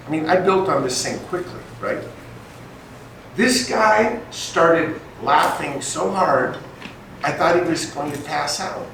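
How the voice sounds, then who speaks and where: An older man telling stories to a live audience, lively and full of acted-out voices. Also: fairly high pitch, slow pace, vocal fry. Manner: animated, acts out voices in his stories. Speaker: speaker at an event. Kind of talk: storytelling talk to a live audience. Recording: echoey hall from far off, faint noise.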